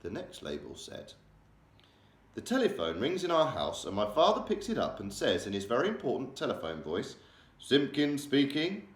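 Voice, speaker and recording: A man's voice: lowish voice, wildly swooping pitch, moderate pace. A male primary school teacher reading a children's novel aloud, changing his voice for the characters. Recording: echoey room.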